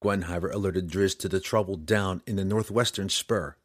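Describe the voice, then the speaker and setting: A man narrating a fantasy adventure audiobook in an expressive, dramatic storytelling manner. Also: sits low, moderate pace, no room sound, clean studio sound.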